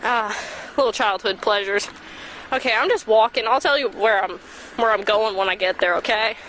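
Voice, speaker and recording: A woman's voice: medium pitch, normal speed, fairly bright tone, slight background noise, low-quality recording. A young woman vlogger telling rambling childhood stories outdoors while walking, swearing freely and mocking herself. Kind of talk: rambling casual storytelling.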